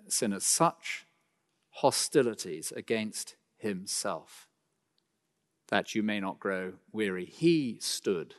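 A man preaching a sermon, swinging between loud emphatic lines and quiet slowed phrases, with dry asides. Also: fairly low pitch. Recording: long hall reverb.

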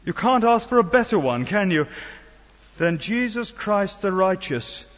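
A man's voice: sits high, very animated, measured pace. Preacher man in a reverberant hall. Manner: earnest, rhetorical questions, wry asides. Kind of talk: sermon. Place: church. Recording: dull sound in a long-reverb hall.

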